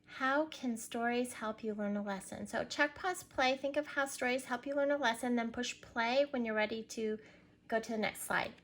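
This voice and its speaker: Speaking at a moderate pace in a voice on the high side, a woman teacher records a reading lesson for young kids, patiently coaxing them along and spelling each word letter by letter.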